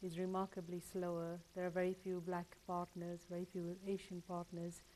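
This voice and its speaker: A woman solicitor speaks as a studio guest, measured and thoughtful. Her voice is low and mellow, with faint hiss behind it. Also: monotone. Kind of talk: studio discussion.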